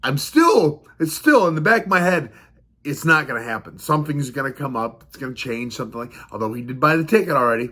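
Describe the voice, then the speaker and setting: Traveling to a fight in the northeastern US, a fighter records a vlog and talks fast in a mid-range, sharp, animated voice. The story wanders casually, broken up by frequent chuckles and repetition.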